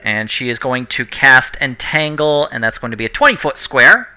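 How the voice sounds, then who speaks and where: A man's voice: mid-range voice, very animated, moderate pace, sharp tone, clean tone. A man running a tabletop game as dungeon master, explaining the rules and correcting himself as he goes.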